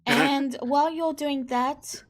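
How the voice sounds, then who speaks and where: A woman running a tabletop game as game master, explaining rules in a measured way. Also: sits high, fairly even intonation.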